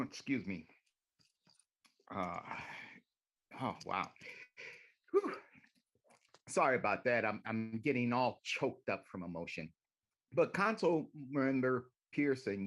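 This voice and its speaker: A man's voice: mid-range voice, a bit bright. A man giving a public comment at a city council meeting, sarcastic and accusing. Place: city council chamber at a podium.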